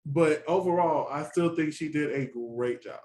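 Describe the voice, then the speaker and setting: A man co-hosting a casual review chat, animated and laughing often. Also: on the high side, normal speed, low-quality recording. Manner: chatty and animated, laughs often, quotes reactions. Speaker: co-host reviewing a TV competition.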